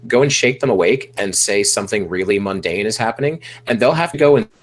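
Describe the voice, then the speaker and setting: A man's voice: lowish voice, animated, quick pace. A man on a casual podcast, explaining points with dry jokes. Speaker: co-host.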